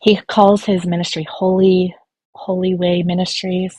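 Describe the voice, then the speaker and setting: A woman's voice: on the low side, flat delivery, a little slow, darkish tone, breathy edge, dry recording. A woman speaking as a guest on a live stream, worried and rambling with many fillers. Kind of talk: casual chat.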